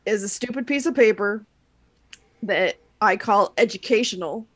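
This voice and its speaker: A woman in a casual podcast chat, talking about her work with a dry, wry sense of humor. Her voice sits at an ordinary middle pitch. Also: moderate pace. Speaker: podcast co-host.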